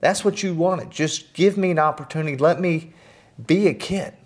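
A middle-aged man, a podcast guest, telling personal stories in an earnest, animated way with self-deprecating humor. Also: fairly high pitch, normal speed. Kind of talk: storytelling in conversation.

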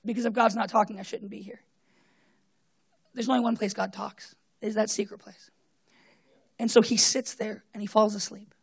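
A woman preaching a sermon, retelling a story with acted-out voices and swinging between loud bursts and hushed tones. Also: mid-range voice, little pitch movement, moderate pace, creaky, long pauses, breathy edge.

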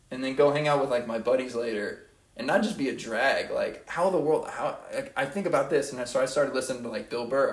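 A man's voice: medium pitch, gravelly. Earnest young man in an echoey room. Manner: earnest, rambling, repeats phrases. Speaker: podcast host. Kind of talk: motivational monologue.

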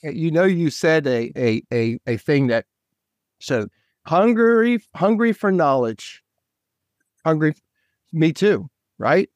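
Eager man with a higher voice. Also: lively intonation, slow, pauses often, no room sound, studio quality. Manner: eager, scattered, full of restarts. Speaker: guest author. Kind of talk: casual faith talk.

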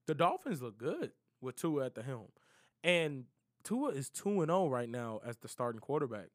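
A young man giving casual NFL game predictions, slangy and animated, trash-talking the teams he doubts. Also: medium pitch, moderate pace. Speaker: sports prediction vlogger. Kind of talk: casual NFL picks monologue.

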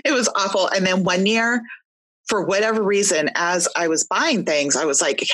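A woman's voice: mid-range voice, moderate pace, a bit bright, husky. A woman in casual chat who rambles and halts, with many fillers.

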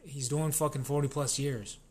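A man rants in loose, casual speech, cursing nearly every line and doubling back mid-sentence. His voice sits in an ordinary middle pitch, neither deep nor high. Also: fairly even intonation, moderate pace, slightly rough. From New Mexico. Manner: swears constantly, rambling, restarts sentences. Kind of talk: casual profane rant.

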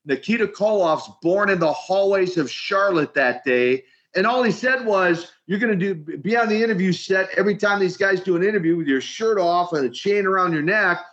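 Animated man telling stories, older. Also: high-pitched, normal speed. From Minneapolis, Minnesota. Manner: animated storyteller, repeats words while starting sentences. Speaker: retired wrestler guest. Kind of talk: storytelling interview. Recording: dull lo-fi sound.

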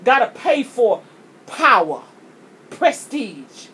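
Impassioned high-voiced woman preaching. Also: sing-song, slow, a bit bright, slight background noise. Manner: impassioned, preachy, repeats words when starting a thought. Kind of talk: sermon.

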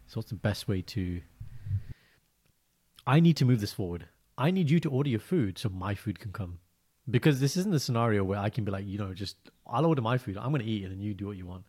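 A man chatting casually as a podcast co-host, telling stories and acting out quotes in lively voices. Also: lowish voice, fairly quick, husky. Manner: animated storyteller, acts out quotes. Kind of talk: casual chat.

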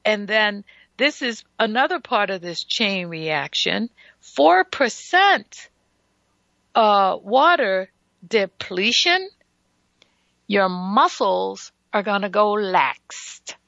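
A woman's voice: mid-range voice, lively intonation, slow, vocal fry, pushed and bright, no room sound, highs cut off. A woman hosting a casual radio health talk show, emphatic and folksy, who often stutters and restarts her sentences.

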